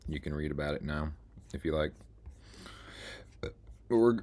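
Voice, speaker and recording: Very deep-voiced man rambling casually. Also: steady tone, slow, pauses often, clean tone. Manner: meandering, self-mocking, mutters while scrolling. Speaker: video blogger. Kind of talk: casual rambling screen-share monologue.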